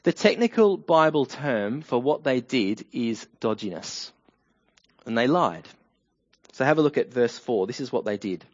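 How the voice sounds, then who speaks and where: A man's voice: mid-range voice, lively intonation, measured pace, dull audio. A man preaching a humorous, story-filled sermon that includes Bible readings.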